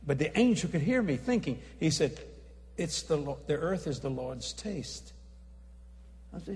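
A man tells a story in a sermon, voicing every character himself and breaking into hollers at the climaxes. His voice sits a bit high for a man. A long reverb trails each phrase, as in a large church. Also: a little slow, a little hiss or hum. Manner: animated, acts out dialogue, hollers at climaxes. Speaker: evangelist.

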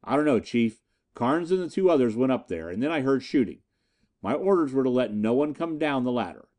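A man voicing a steady male government agent giving a plain, matter-of-fact report. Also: mid-range voice, fairly quick, close to an everyday voice.

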